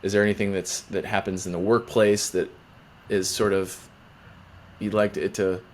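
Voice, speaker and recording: A man's voice: on the low side, little pitch movement, moderate pace, a little mellow, a little hiss or hum. A man hosting a casual podcast interview, asking lighthearted questions in a playful way. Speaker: podcast host.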